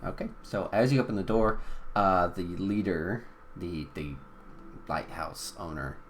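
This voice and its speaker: A man narrating as game master, relaxed and full of fillers. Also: low-pitched, unhurried.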